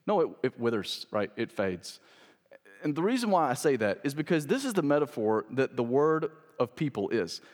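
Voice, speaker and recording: Young male pastor, mid pitch, emphatic and chatty sermon delivery, long hall reverb. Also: sing-song, normal speed, darkish tone. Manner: rhetorical questions, emphatic and conversational.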